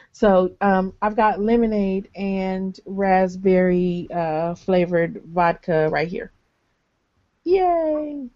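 A woman's voice: lowish voice, flat delivery, slow, no echo. A woman in her thirties chatting on a gaming podcast, full of ums and easy laughs. Her voice sits mid-range and sounds very dry and close. The call audio is a little dull and lo-fi. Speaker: podcast co-host. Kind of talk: casual chat.

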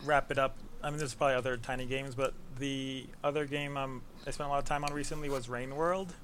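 A mid-range, fairly bright male voice with fairly even intonation comes quickly from a games writer from the Bronx, New York, guesting on a podcast. He chats casually and rambles with fillers and laughter over a little hiss or hum.

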